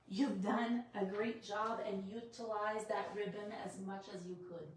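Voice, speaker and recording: A woman's voice: fairly high pitch, echoey room, noisy background. A woman leading a live card-making tutorial, chatting and explaining each step while reading viewer comments.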